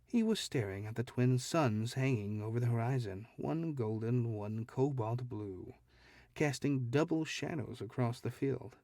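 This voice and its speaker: Male author-narrator, mid pitch, slow careful storytelling delivery. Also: lively intonation, warm tone, dry recording, clean studio sound. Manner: slow, deliberate reading. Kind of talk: scripted fiction narration.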